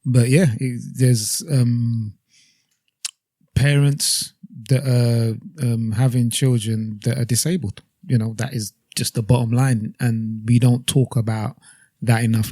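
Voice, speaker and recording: A man appearing as a guest in a casual podcast chat, speaking in a measured, earnest way. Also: mid-range voice, flat delivery, warm tone, no echo.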